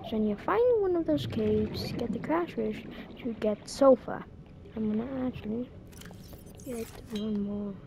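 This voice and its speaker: A young woman giving casual, chatty commentary as she plays a game, with quick excited exclamations. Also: fairly high pitch, a little hiss or hum. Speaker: gamer. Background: game music.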